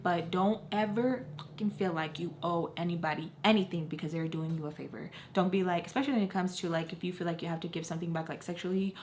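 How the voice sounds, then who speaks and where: A woman's voice: lowish voice, fast talker, a little mellow, slight background noise. Young woman telling a storytime, filler-heavy. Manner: profane, emphatic, constant "like" fillers. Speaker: storytime vlogger. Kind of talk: casual storytelling.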